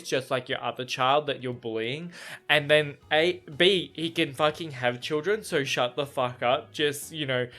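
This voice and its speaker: A man's voice: fairly high pitch, pushed and bright. Swearing, exasperated young man. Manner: heavy swearing, rambling, exasperated. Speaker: book reaction vlogger. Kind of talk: casual reading reaction.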